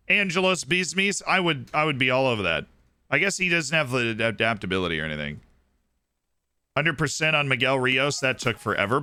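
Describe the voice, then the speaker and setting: A man streaming a football management game, chatting casually with excitable, jokey asides to himself. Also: mid-range voice.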